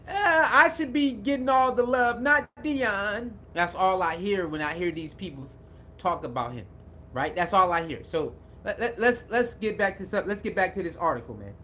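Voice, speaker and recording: A man's voice: on the high side, fairly bright tone, slight background noise. Man riffing on a sports live stream. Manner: repetitive, talks back to chat viewers. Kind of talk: casual live-stream commentary.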